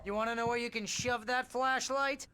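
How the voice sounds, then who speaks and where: A man's voice: very high voice, fairly even intonation, moderate pace, background noise. An actor playing a fretful, sarcastic male literary agent in a video game, talking in a whiny, worried way. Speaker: game character.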